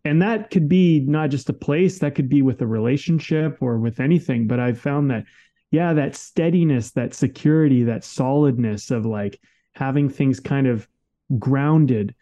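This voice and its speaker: A man's voice: medium pitch, moderate pace, dark tone. A man co-hosting a podcast in casual conversation, talking candidly and emphatically and swearing freely. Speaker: podcast co-host.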